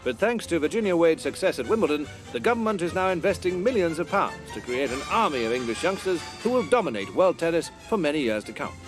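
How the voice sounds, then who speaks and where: Brisk old newsreel announcer. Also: male voice, fairly high pitch, very animated, over music. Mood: upbeat. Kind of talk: mock newsreel narration.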